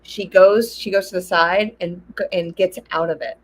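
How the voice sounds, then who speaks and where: A woman co-hosting a casual chat, telling stories in an animated way and acting out what people said. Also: lowish voice, moderate pace, low-quality recording. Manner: animated storyteller, acts out quotes.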